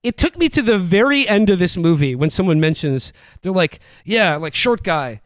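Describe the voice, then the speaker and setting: A man co-hosting a podcast, retelling a film plot in a rambling, animated comic chat with laughs. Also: high voice, normal speed, dry recording. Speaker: podcast co-host. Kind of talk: casual comedic film review chat.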